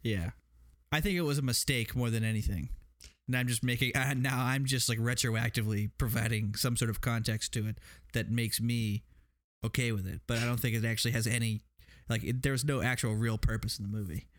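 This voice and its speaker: A man trades wry jokes in a film chat. His voice is close and dry, with no room sound. He speaks at an ordinary pitch. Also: steady tone, a little fast, dry recording. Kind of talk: casual movie review chat.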